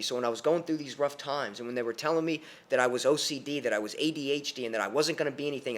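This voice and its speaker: Animated young man telling his story. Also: medium pitch. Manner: animated, with many restarts and repeated words. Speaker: podcast guest and storyteller. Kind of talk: personal storytelling on a podcast.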